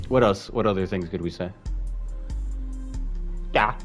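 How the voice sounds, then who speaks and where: A man's voice: deep voice, unhurried, pauses often. A man casually commenting while he plays a game on a live stream, rambling and playful, with asides to his chat. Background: faint music.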